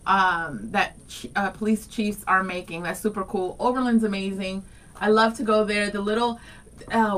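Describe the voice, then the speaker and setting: A woman's voice: mid-range voice, fairly bright tone, far from the mic, low-quality recording. A woman co-hosting a morning radio show, chatting in a bubbly, enthusiastic way with lots of fillers. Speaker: radio co-host. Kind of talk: casual radio chat.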